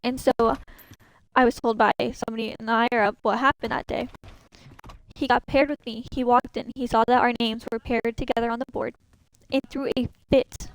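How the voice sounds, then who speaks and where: A woman's voice: a little high, fairly quick, no echo, poor audio. A young woman streaming a game, casually telling a long story about classmates, venting and quoting people. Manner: chatty, venting, animated retelling with quoted dialogue.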